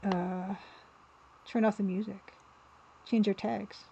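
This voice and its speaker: A woman's voice: mid-range voice, flat delivery, takes it slowly, gravelly, warm tone, dull audio, slight background noise. A woman livestreaming as an artist, chatting casually and playfully, with easy laughter. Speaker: livestreaming artist and game developer.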